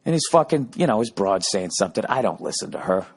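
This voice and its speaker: A man's voice: fairly low pitch, very animated, fast, slightly rough. A man hosting a podcast, telling a profane comic story in a ranting, sarcastic way and acting out arguments. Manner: ranting, sarcastic, heavy swearing, acts out both sides of arguments. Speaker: podcast host.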